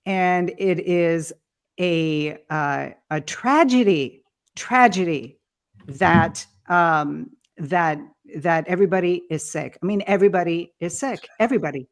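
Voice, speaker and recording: A woman's voice: on the low side, expressive, a little slow. A woman guest on a podcast, speaking earnestly and reflectively. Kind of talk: casual podcast chat.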